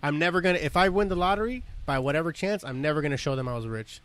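A man's voice: a little high, racing, a bit bright, smooth. A man hosting a casual podcast, rambling and swearing, often laughing as he talks. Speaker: podcast host.

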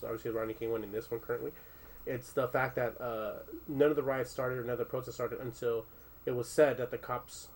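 A man's voice: medium pitch, a little mellow, low-quality recording. A man in a casual conversation, thinking aloud with many restarts, fillers and some swearing. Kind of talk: casual discussion.

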